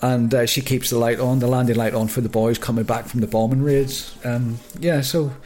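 An older man from near Belfast co-hosts a laid-back podcast, drifting from one memory to the next. He restarts his sentences constantly and breaks off into chuckles, his voice sitting at an ordinary middle pitch. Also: steady tone, moderate pace, a little mellow. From Northern Ireland, outside Belfast. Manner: rambling, self-interrupting, chuckling. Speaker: podcast co-host. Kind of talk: casual chat.

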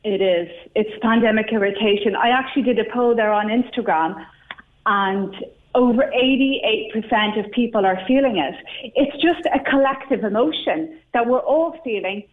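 A woman speaking as a guest expert, upbeat and advising. Her voice is fairly high and comes through a thin, tinny phone line. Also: normal speed. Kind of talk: advice interview.

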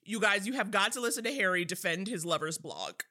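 An American woman co-hosts a podcast, recapping a film in a sassy, hedging chat packed with fillers. Her medium-pitched voice is lively, fairly quick, pushed and bright.

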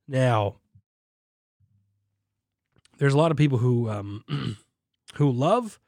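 In clean studio sound with no room echo, a young adult man of medium pitch chats casually as host of a beer podcast. His talk is rambling and self-deprecating, full of fillers and false starts.

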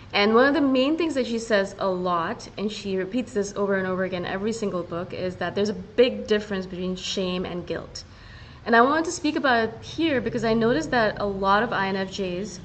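A woman hosting a solo podcast, talking in a casual and earnest way and often slowing down to stress her point. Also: medium pitch, slight background noise, low-quality recording. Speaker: podcast host.

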